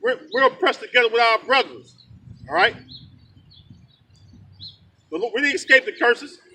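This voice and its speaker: A man with a very high voice preaches outdoors with fiery, profane heat. He leans on "man" and "all right" to drive his points home. The recording is distant, with clear traffic and bird noise in the rain. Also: expressive, normal speed, sharp tone. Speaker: street preacher.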